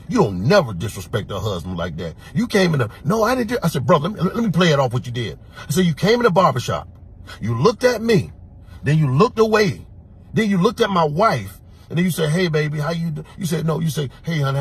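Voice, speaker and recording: A man from Florida who works as a security officer, telling a personal story in an animated, emphatic way and acting out the lines he quotes. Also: medium pitch, a little hiss or hum.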